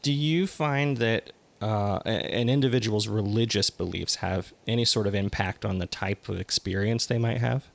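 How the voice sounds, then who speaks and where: A man hosts a podcast interview, putting short questions to his guest. His voice is low and carries a gravelly rasp. He sometimes trips over the start of a question before getting it out. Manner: brief backchannels and short, slightly halting questions. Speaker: podcast host.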